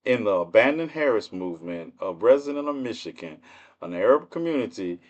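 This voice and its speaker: A man's voice: fairly low pitch, expressive, a little fast, darkish tone, lo-fi sound. A man hosting a livestream with casual political commentary, speaking in with a mocking, laughing, rhetorical manner. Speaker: livestream host.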